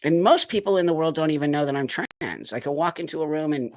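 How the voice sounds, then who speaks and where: A man's voice: a little high, lively intonation, fast, dry recording, clean studio sound. A man hosting a live stream, giving emphatic, indignant commentary with many rhetorical questions. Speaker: livestream host.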